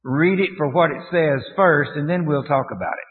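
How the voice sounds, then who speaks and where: Male preacher, mid pitch, halting with restarts, questions the congregation; lo-fi phone-like church recording with long reverb. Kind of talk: sermon. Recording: tinny, echoey church recording.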